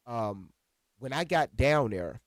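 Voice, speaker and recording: A man casually telling a personal story to viewers, animated and profane, calling them y'all. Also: mid-range voice, slow pace, no room sound, clean studio sound. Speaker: storyteller recounting a personal incident.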